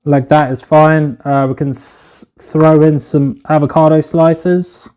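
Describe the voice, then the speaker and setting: A man cooks in his home kitchen and live-streams it on his phone, chatting loosely, swearing freely, and calling his viewers "boys." His voice is a little high, slow, and mellow, with a clear, resonant tone and little pitch movement.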